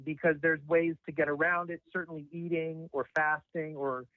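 Man, caller, hesitant, slightly high voice, tinny phone line. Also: level tone, moderate pace, no echo. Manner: hesitant, many ums. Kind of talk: call-in conversation.

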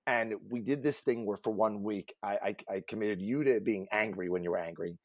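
A man co-hosting a casual panel talk as a career coach, earnest and emphatic, growing animated as he tells stories. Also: on the low side, brisk, few pauses, no room sound.

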